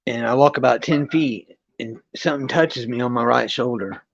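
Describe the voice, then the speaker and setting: A man tells a personal spiritual experience on his livestream, rambling, restarting sentences and swearing freely. He stops now and then to read and greet his chat. His mid-pitched voice comes through slightly dull, lo-fi stream audio. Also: moderate pace, gravelly, husky. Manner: rambling, frequent restarts and profanity; reads and greets chat between story. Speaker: livestream host. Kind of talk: casual storytelling on a livestream. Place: his friend's home.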